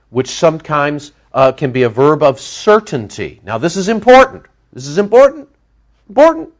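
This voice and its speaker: A man's voice: a little high, muffled recording. A man preaching an expository sermon, teaching verse by verse and acting out the characters' voices as he tells the story. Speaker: pastor.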